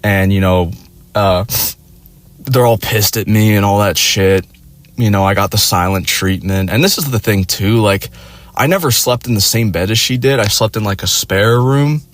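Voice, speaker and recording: Crude, rambling young man, low voice. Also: normal speed. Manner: crude, profane, rambling with many fillers. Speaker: vlogger. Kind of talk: casual storytelling.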